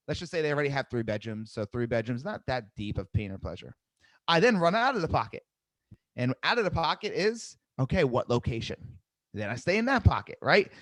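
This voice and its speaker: A man coaching a live sales webinar, seated, energetic, repeating key phrases and asking "right?" often. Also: on the high side, no echo. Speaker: sales trainer. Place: seated indoors at a desk.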